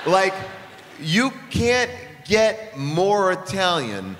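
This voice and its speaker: A man's voice: sits high, animated, measured pace, a bit bright, slight background noise. A man co-hosting a casual comedy chat, sarcastic and emphatic. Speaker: podcast co-host. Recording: echoey room with long reverb.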